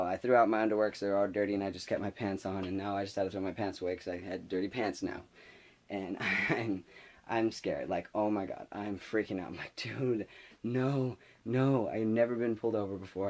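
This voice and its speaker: A young man in his late teens telling a storytime vlog, rambling and excitable as he acts out his own panic. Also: lowish voice. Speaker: vlogger. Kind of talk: casual storytime.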